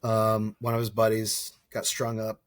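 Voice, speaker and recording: A man of about forty, a former soldier and wildland firefighter, tells his story as a guest in a casual podcast interview, in a low, monotone voice at a measured pace with no echo. He rambles, keeps correcting himself, swears freely and acts out the dialogue.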